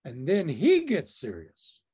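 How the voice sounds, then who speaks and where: Guy telling a long story slowly, voice swinging all over, keeps laughing. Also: a little high, slightly rough. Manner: animated, laughs often while telling the story. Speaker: interview guest. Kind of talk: casual storytelling.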